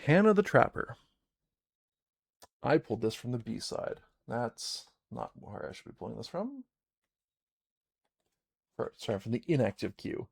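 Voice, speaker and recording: A man's voice: mid-range voice, big pitch swings, normal speed, creaky, pauses often, a little mellow, slightly rough, dry recording. A man narrating a solo tabletop game on a live stream, reading game text aloud and chatting to himself as he plays.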